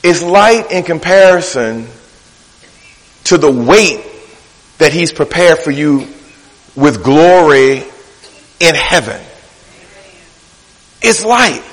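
A man's voice: on the high side, animated, takes it slowly, long pauses, a bit bright, in a large hall, poor audio. A man preaching a sermon, with a rhythmic, playful preacherly delivery that repeats words for emphasis. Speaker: pastor. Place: church.

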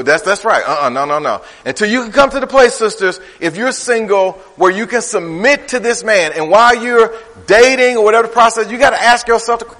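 A man preaching a sermon in a conversational style, swinging from loud, high bursts to low, quiet asides. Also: expressive, brisk, hardly any pauses. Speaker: pastor. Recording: reverberant hall.

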